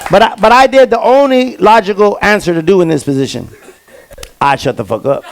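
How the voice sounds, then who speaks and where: Young guy doing standup, high gravelly voice, slangy and rambling, hand mic on stage. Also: animated, brisk, background noise. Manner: streetwise storytelling with slang and repeated fillers. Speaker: stand-up comedian. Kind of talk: stand-up comedy set. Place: comedy stage before a live audience.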